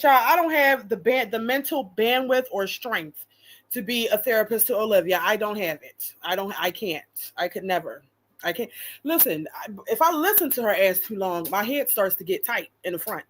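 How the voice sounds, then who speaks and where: A woman streamer giving blunt, profane live commentary and reading out chat viewers' names. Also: medium pitch. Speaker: reaction streamer.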